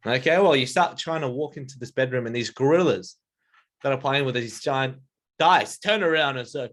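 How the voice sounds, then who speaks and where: A man acting as game master runs a casual tabletop game, narrating in a rambling way packed with "like" and "um." His mid-range voice moves at a moderate pace and sounds a bit bright.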